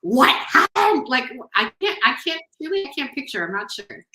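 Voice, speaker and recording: A woman's voice: sits high, sing-song, fairly quick, reverberant, noisy background. A woman hosting a podcast in casual chat, talking loosely with lots of "like" and "you know". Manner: chatty, heavy use of "like" and "you know". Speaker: podcast host.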